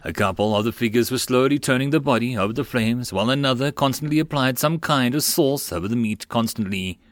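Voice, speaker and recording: A man narrating a web novel audiobook in a measured storytelling manner. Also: mid-range voice, no echo, clean studio sound.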